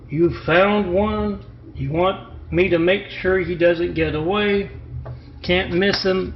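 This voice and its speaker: A man from Louisiana telling rambling parables and talking to imagined callers, halting and repeating his self-introduction. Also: on the high side, highs cut off, a little hiss or hum. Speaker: self-styled parable teller.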